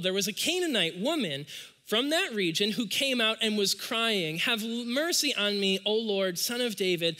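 A man with a high, very bright and forceful voice preaches a sermon in a church. He tells stories in a casual, conversational way, then slows right down on the key points. The long reverb of a large hall carries behind him. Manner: conversational storytelling preaching with dramatic slowdowns. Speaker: pastor.

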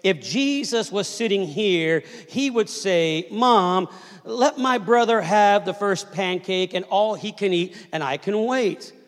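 A patient mother gently teaching her small sons, put on by a male pastor mid-sermon. The voice stays high and slow. A long hall reverb trails each phrase. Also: animated. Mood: gently instructive.

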